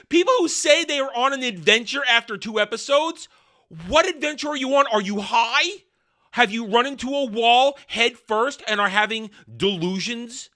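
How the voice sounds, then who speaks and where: A man's voice: high voice, pushed and bright. A man giving a ranting video review of a TV show, sarcastic and scornful in his delivery. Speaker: film and TV reviewer.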